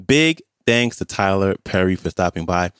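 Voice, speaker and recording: A man hosting a podcast, wrapping up the episode with thanks and links in a relaxed way. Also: deep voice, normal speed, clean tone, no room sound. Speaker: podcast host. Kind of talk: podcast outro. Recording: dry mic with faint music bed.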